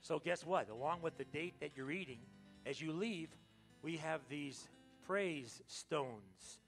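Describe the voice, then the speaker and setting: Animated American pastor with a gravelly voice. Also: male voice, on the high side, unhurried, soft background music. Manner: animated, joking with the congregation, sudden loud exclamations. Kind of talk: lively Palm Sunday sermon. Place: church sanctuary.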